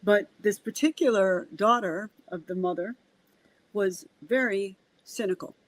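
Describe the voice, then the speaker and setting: A woman speaking as a guest on an interview show. She talks at a middle pitch and tells stories in a lively way. She acts out both sides of the conversations she describes and often repeats a word as she gets going. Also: a little slow, dry recording, poor audio. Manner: animated, acts out dialogue in quotes; repeats words when starting sentences. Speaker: medium, podcast guest. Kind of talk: conversational storytelling.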